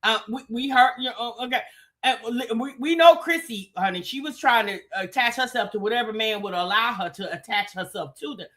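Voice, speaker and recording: High bright woman doing gossip commentary on a livestream, aave, chatting right at her viewers, super animated. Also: brisk. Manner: animated, talks straight to the chat with "baby" and "child". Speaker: commentary show host.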